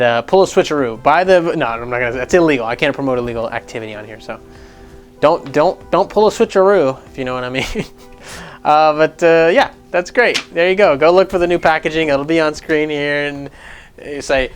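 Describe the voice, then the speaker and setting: A man's voice: medium pitch, quick pace, soft background music. A man hosting casual gaming news commentary, rambling and sarcastic, swearing freely as he goes.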